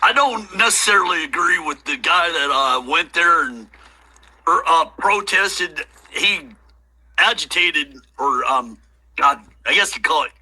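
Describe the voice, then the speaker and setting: Crude-joking man, bright voice. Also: on the high side, expressive, a little slow, husky, poor audio. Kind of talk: casual livestream chat.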